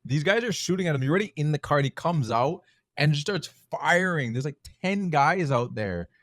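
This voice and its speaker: Relaxed man co-hosting a film podcast. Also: fairly high pitch, brisk, dry recording, clean studio sound. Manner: relaxed, conversational, loose with fillers. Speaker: podcast co-host. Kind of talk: casual film review chat.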